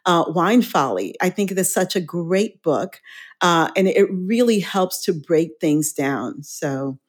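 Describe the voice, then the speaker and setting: A woman's voice: on the low side, animated, a little slow. Cheerful woman guest who laughs easily. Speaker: wine educator and TV guest. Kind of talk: casual interview chat.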